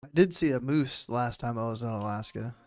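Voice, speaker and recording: A man's voice: mid-range voice, fairly quick, a little mellow, no echo, clean studio sound, soft background music. A man streaming a game and chatting casually, rambling and laid-back, swearing freely and laughing often. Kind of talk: casual chat while gaming.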